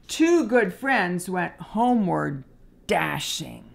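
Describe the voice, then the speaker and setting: A preschool teacher reading a picture book aloud to young children, gently pointing out the pages. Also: female voice, medium pitch, expressive, takes it slowly, gravelly. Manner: gentle, explaining pages to little ones.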